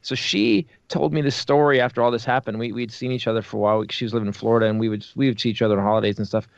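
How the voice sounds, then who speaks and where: A man on a podcast, telling profane, animated stories in casual chat. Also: medium pitch, rapid-fire, gravelly, no echo, highs cut off. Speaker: podcast host.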